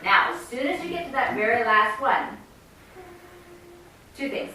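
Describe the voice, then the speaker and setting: Faint music plays behind a woman leading choir rehearsal, who talks singers through rhythm and breathing and sings phrases as examples. She has a high, sharp, expressive voice and a measured pace. The mic sits far off in an echoey rehearsal room with faint ambience.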